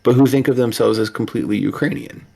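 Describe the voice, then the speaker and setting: A young American man talking as a podcast guest in casual political chat, animated, swearing freely and acting out what other people say. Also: mid-range voice, quick pace, creaky, breathy edge. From United States.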